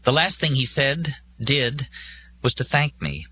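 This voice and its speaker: A man's voice: mid-range voice, big pitch swings, measured pace, bright, forceful tone, slight background noise, pitched above the performer's own voice. A man voicing a weary, shaken young man who speaks shakily and in despair, in an audiobook. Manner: shaky, despairing. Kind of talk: audiobook character voice.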